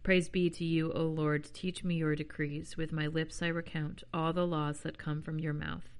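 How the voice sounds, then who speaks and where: A woman podcast host reading scripture aloud in a plain, unhurried voice, breaking off now and then for chatty, self-deprecating asides. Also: sits low, level tone, clear, resonant tone.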